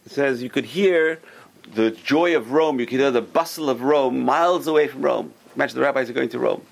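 A man teaching a Torah class as a rabbi, emphatic and repeating his key words, who tells stories in an animated way. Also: mid-range voice, fairly quick, creaky, low-quality recording.

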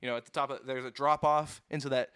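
A man's voice: medium pitch, little pitch movement, fast talker, pushed and bright, clear, resonant tone, dry recording. A young man in a casual chat, telling a rambling, profane story full of "like". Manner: rambling and profane, heavy use of "like". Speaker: touring band musician.

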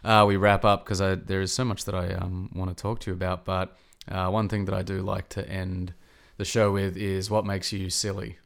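A man hosting a podcast, chatting casually with low-key, dry remarks. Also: little pitch movement, normal speed, vocal fry. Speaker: podcast host. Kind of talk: casual chat.

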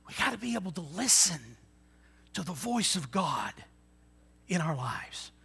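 Man in his sixties preaching with a high, bright voice. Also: a little slow, creaky, breathy edge. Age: 60s. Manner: lively preaching, swinging between loud emphatic lines and quiet asides. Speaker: pastor. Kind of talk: sermon.

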